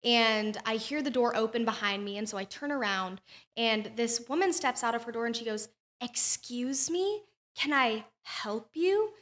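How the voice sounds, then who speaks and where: Bright-voiced young woman telling a story. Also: a little high, fairly quick. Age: young adult. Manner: earnest, animated storyteller with frequent fillers. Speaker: guest. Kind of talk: storytelling in a podcast interview.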